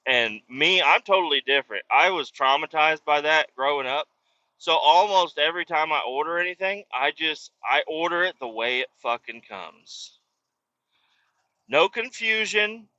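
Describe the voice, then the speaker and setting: A man's voice: fairly high pitch, animated, normal speed, pushed and bright, no room sound. Man, podcast host, casual profane rambling rant, dull lo-fi recording, dry sound.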